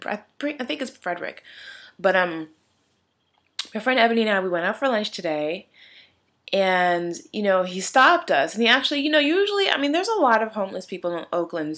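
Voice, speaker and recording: At home in her room, a young woman vlogger tells an emotional, teary story candidly, rambling and using many fillers. Her voice is medium-pitched and a bit bright.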